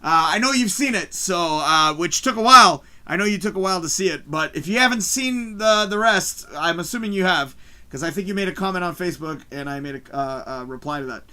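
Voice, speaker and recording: A man hosting a live stream from his home, ranting excitedly about a show, swearing constantly and shouting at the big moments, his mic distorting when he gets loud. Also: high-pitched, fairly quick, smooth. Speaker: livestream host. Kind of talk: excited live review rant. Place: home room, early morning.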